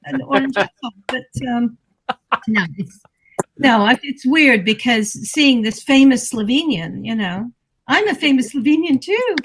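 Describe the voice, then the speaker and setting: Woman talk show guest, high-pitched, animated and playful storytelling. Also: measured pace, slight background noise, poor audio. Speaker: guest actor. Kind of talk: casual talk show chat.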